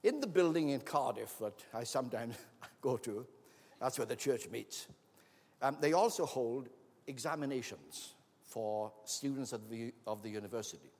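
A man's voice: medium pitch, expressive, moderate pace, a little mellow. A man preaching a sermon, telling stories and acting out the voices of the people in them. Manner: anecdotal, acts out quoted voices. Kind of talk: sermon with storytelling. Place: church hall. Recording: long reverb of a large hall.

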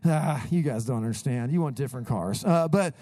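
A man preaching a sermon, telling lively stories and laughing at himself as he goes. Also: medium pitch, fairly quick. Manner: animated, laughs at his own stories. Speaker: pastor. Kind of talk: sermon with storytelling.

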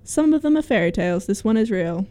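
A young woman co-hosting a casual book chat, reading reviews aloud with quick asides. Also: medium pitch, animated, dark tone.

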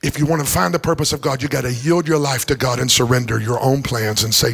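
Gravelly, husky-voiced preacher man. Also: medium pitch, fast, hardly any pauses, a bit bright. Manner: preaching with sing-song rises and humor. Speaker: pastor. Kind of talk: sermon. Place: church sanctuary.

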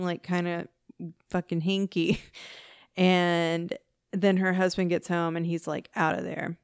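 A woman's voice: on the low side, darkish tone, clean tone, no room sound, studio quality. A woman hosting a podcast, telling a true-crime case in a casual, chatty way with wry asides and swearing. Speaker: podcast host.

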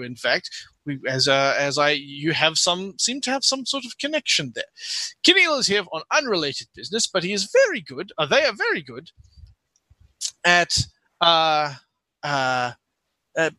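A man voicing a polite, flustered male official in a tabletop game, speaking formally with many halting restarts. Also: on the high side, bright, forceful tone, no echo, full character voice.

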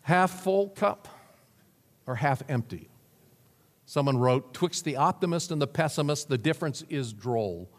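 A pastor preaches in a reverberant hall, telling stories with chuckles and acting out the voices of the people in them. His voice is mid-range and expressive, at a moderate pace.

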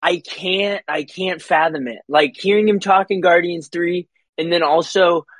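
A man's voice: high voice, steady tone, a little slow, a bit bright, no room sound. A man co-hosting a podcast, chatting casually and sounding incredulous about an actor's voice. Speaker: podcast co-host. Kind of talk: casual movie discussion.

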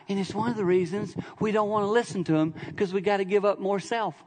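A middle-aged visiting preacher delivers a sermon in a church sanctuary, telling stories conversationally with humor and sudden bursts of emphasis. His high-pitched voice moves a little fast with hardly any pauses, and the church's long hall reverb fills the recording.

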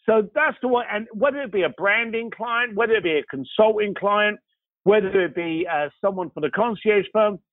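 A man's voice: sits high, normal speed, no echo. A man telling stories in an interview, acting out the dialogue as he goes. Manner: animated storyteller acting out dialogue. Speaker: guest, concierge business owner. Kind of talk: interview storytelling. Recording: tinny phone-like line, dry.

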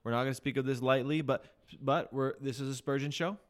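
Guy cohosting a chill podcast, chatty, laughs at himself, mid pitch. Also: fairly even intonation, fairly quick. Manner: chatty, laughs at himself, reads quotes with emphasis. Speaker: podcast co-host. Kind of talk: casual podcast chat and story reading.

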